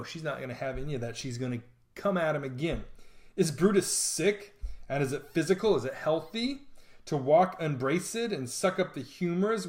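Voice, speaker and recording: A man teaching a lesson on a play in a casual, jokey way. He reads lines from the play aloud and then retells them in slangy modern words. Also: mid-range voice. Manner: chatty and jokey. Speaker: literature teacher.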